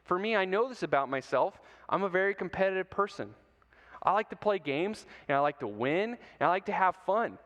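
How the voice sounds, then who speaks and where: A man's voice: sits high, lively intonation, a little fast, a bit bright, muffled recording. A man giving a playful talk to middle schoolers, telling stories and asking the audience questions. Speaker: youth speaker. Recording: long hall reverb.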